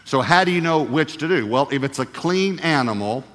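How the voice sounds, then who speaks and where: A man's voice: fairly high pitch, animated, normal speed, a bit bright. Male pastor, emphatic sermon delivery with repeated key lines, recorded with long echo in a big sanctuary. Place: large church sanctuary. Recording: long hall reverb of a large church.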